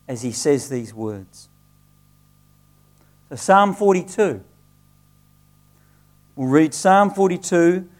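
A man preaching a sermon in a conversational way, with small restarts, who also reads scripture aloud slowly and earnestly. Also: on the high side, darkish tone. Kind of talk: sermon with Bible reading.

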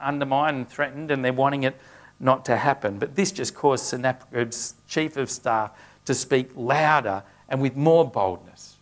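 A man's voice: mid-range voice, normal speed. A man preaching a sermon, earnest, with frequent restarts as he works through a scripture passage.

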